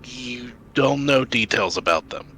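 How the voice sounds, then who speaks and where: A man narrating as game master in a tabletop game, describing scenes deliberately with occasional fillers. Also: medium pitch, animated, pushed and bright, a little hiss or hum.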